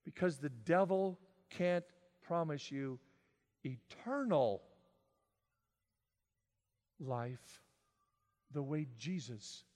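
A man preaching a sermon, swinging from loud, emphatic declarations to quiet, drawn-out lines. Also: fairly high pitch, animated, in a large hall. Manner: dramatic swings from shouting to near-whisper. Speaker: pastor.

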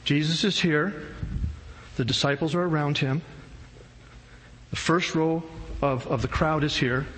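A male pastor with a fairly high voice preaches in a relaxed, slangy way, telling stories full of jokes. His voice echoes through a hall with long reverb, and a faint noise sits underneath. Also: measured pace. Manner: casual, slangy, humorous storytelling. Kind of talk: sermon.

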